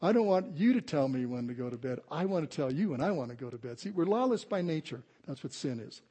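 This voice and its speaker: Older guy preaching to a church, kinda high voice but mellow, chatty and slows way down on verses. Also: lively intonation, slightly rough. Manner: conversational preaching, slows down to stress scripture. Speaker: pastor. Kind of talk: sermon. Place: church sanctuary before a congregation.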